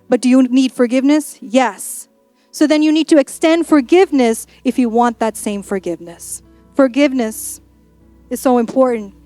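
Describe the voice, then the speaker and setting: A woman's voice: high voice, a little mellow, dry recording. A woman pastor preaching a sermon in a church, in a playful, conversational way with acted-out asides.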